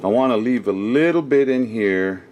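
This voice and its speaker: A man's voice: mid-range voice, lively intonation, normal speed, a little mellow, lo-fi sound, slight background noise. A man hosting a casual craft how-to, chatting and rambling with many ums and uhs as he works, his distance from the camera mic shifting as he moves. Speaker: craft channel host.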